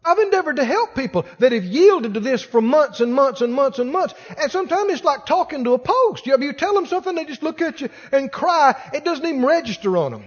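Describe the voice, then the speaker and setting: A man preaching a sermon as pastor, exhorting the congregation and rising to shouts. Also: very high voice, sing-song, brisk, few pauses, in a large hall, lo-fi sound.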